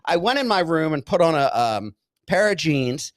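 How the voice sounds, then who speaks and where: A man's voice: a little high, normal speed, no echo. A man telling a rehab story in casual podcast chat, laughing often and acting out what people said. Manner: animated storyteller, yells out quoted lines, laughs often.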